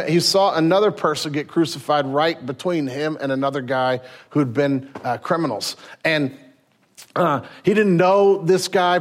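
Earnest preaching man, fairly high voice. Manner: earnest preaching, swinging from hushed to raised. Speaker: pastor. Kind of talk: sermon.

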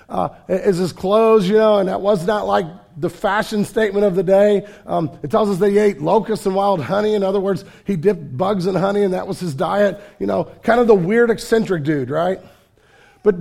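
A man's voice: high voice, vocal fry, a little mellow. A man preaching a sermon as pastor, telling the story in a casual, conversational way with fillers and repeated words.

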